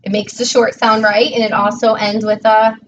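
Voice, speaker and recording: A woman's voice: a little high, flat delivery, normal speed. A woman teacher tutoring a child one-on-one in a patient, encouraging way, praising each answer. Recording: distant dull mic with faint noise.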